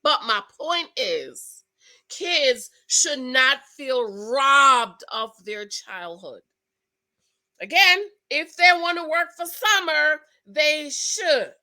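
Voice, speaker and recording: A woman's voice: high voice, very slow, poor audio. A woman vlogger giving casual, emotional commentary on a reality show and talking straight to her viewers. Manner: emotional and expressive, addresses viewers directly; animated, swings between loud excitement and quiet asides.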